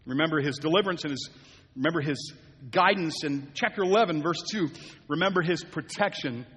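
An older man, a pastor and grandfather, preaches a sermon in a church sanctuary, his voice high-leaning, a bit bright and husky, with a big-room sound. He shifts between folksy storytelling and fervent appeals to the congregation, his conversational preaching rising to fervent exhortation.

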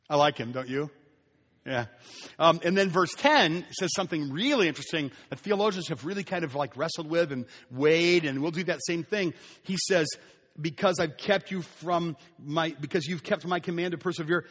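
A man's voice: fairly high pitch, fairly quick, sharp tone, in a large hall. A man preaching a sermon as pastor, conversational and emphatic, asking his listeners rhetorical questions.

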